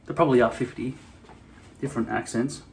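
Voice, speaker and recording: Fairly quick and mid-range with some vocal fry, this man speaks in an Australian city accent as host of a hairpiece channel. His casual vlog monologue is rambling, wry and self-deprecating.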